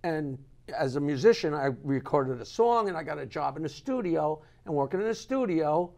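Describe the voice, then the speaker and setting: Older comedian guy, gravelly voice, all over the place pitch-wise, telling stories on a talk show. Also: normal speed. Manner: animated joke teller with big swings. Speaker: comedian guest. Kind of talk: storytelling in a live talk show.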